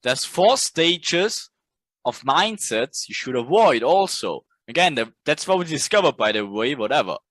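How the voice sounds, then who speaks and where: A man's voice: mid-range voice, big pitch swings, a little slow, a bit bright, dry recording. A man teaching a trading course in a casual lecture. He talks bluntly, swears freely, and keeps checking in with "right?".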